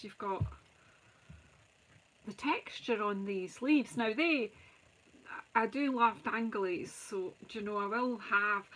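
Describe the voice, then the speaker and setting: A woman's voice: a little high, a bit bright, slight background noise, rough recording. A Scottish woman hosting a live crafting stream, chatting and joking with viewers as she works and greeting them by name. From Scotland. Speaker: craft channel host.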